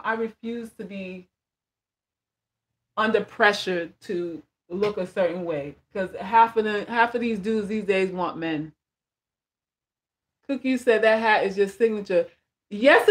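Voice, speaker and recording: Blunt, emphatic woman with a higher voice. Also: fairly bright tone. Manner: reads viewer comments aloud and answers them. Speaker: vlogger and life coach. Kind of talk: casual livestream chat.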